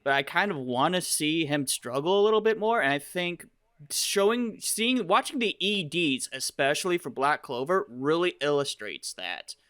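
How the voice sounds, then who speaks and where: A man's voice: fairly high pitch, animated, normal speed, sharp tone, clear, resonant tone, dry recording, studio quality. A man on a casual podcast who often affirms the other speaker and restarts his sentences while thinking. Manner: affirming listener, hesitant restarts when explaining.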